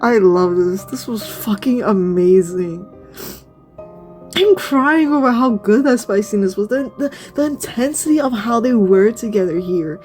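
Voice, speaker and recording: A young woman streamer reacting to a game, gushing, swearing and tripping over her own words. Her voice sits at an ordinary middle pitch. Soft music plays faintly behind her. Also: a little slow. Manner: gushing, swearing, frequent laughs. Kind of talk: excited reaction commentary.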